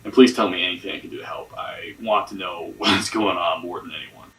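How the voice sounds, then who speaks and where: A man's voice: low voice, a little fast, bright, forceful tone, far from the mic, a little hiss or hum, low-quality recording. An actor playing a defensive man questioned by police in a mystery game, talking evasively and swearing. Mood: guarded. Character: defensive, guarded young man under police interrogation.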